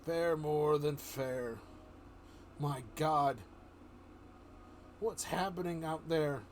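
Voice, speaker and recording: A man's voice: on the high side, fairly even intonation, drawn-out words, a little hiss or hum. A man voicing a henchman reporting by radio in a read-aloud comic story, clipped and matter-of-fact.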